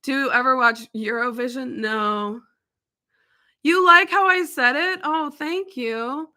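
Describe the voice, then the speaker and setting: A woman's voice: high-pitched, measured pace, sharp tone. A young woman on a live stream, answering viewers' questions in a rambling, casual chat full of "like" and "um". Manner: rambling and chatty, heavy on "like" and "um".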